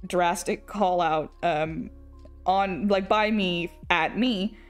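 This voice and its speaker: A young woman with an English accent draws on an art stream and chats casually in a slow, lowish voice over soft background music. Her talk rambles with restarted sentences, frequent laughter and the odd swear.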